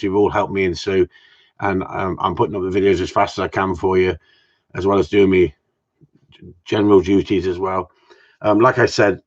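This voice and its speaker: A man with a chatty, joking manner, hosting a casual live stream for his followers. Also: fairly low pitch. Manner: jokey, chatty, greets viewers by name. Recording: dull lo-fi stream audio.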